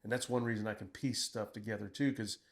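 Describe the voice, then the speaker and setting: A middle-aged man, a military veteran, telling combat stories in casual conversation, blunt and profane, acting out what he shouted. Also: lowish voice, fairly even intonation, fast. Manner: profane, blunt, quotes himself in raised voice.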